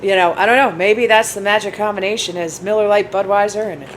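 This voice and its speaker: A woman's voice: mid-range voice, steady tone, brisk, a little hiss or hum, low-quality recording. A woman co-hosting a casual podcast, talking in a chatty, rambling, self-deprecating way. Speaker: podcast co-host. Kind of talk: casual chat. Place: bar in a bookstore.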